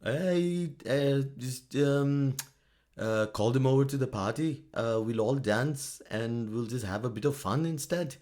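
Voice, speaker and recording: A man's voice: medium pitch, unhurried, a little mellow, natural voice. A man putting on a mock Finnish accent to play a tipsy, carefree woman head of state with a breezy drawl.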